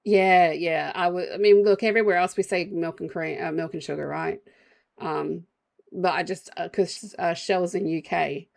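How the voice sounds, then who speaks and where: Australian woman, game streamer, creaky gravelly voice, loose rambling chat to her viewers. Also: lowish voice, fairly even intonation, normal speed. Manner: rambling, chatty, talks to chat while playing. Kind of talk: casual live-stream chat.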